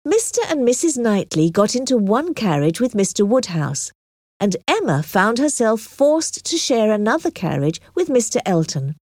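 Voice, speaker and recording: Woman narrator, expressive audiobook reading, lively pitch, dry close recording. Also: moderate pace, dry recording. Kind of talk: audiobook reading of a simplified classic novel.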